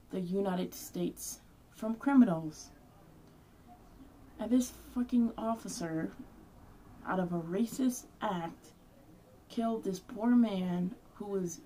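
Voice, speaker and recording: A woman's voice: medium pitch, warm tone. A young woman speaking in an angry, heated vlog rant, swearing often. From Hispanic background. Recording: voice somewhat far from mic.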